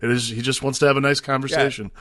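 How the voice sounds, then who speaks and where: A man's voice: mid-range voice, fairly even intonation, rapid-fire, a bit bright, no room sound. A man co-hosting a movie podcast, talking in an easygoing, thoughtful way and often trailing off mid-sentence. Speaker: podcast co-host. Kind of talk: casual movie review chat.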